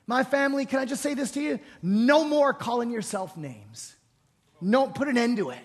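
A man preaching a sermon, swinging from hushed storytelling to loud exhortation and leading the congregation in call-and-response. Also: very high-pitched, expressive, moderate pace, long reverb tail. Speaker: pastor.

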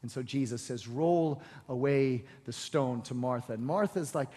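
A man preaching a sermon, retelling a Bible story with voiced lines and building to loud, shouted exhortation. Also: mid-range voice, moderate pace, hardly any pauses, slightly rough. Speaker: pastor. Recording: long hall reverb.

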